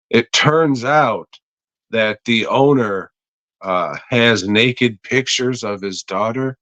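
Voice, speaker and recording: A man's voice: on the low side, a bit bright, no echo. A man hosting a podcast, reading a joking ad and then rambling crudely through an episode review. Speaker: podcast host. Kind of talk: casual episode review with ad read.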